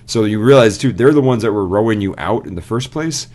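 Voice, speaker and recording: A young man with a very low, deep voice co-hosts a casual chat. He tells stories in an animated way, slipping into quoted lines as he goes. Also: a little fast. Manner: animated retelling, quotes game characters. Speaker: podcast co-host.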